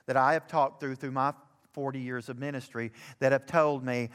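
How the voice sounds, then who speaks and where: A man's voice: on the high side, normal speed, fairly bright tone, long reverb tail. An older man from Alabama, preaching a sermon as pastor and rising to fervent emphasis.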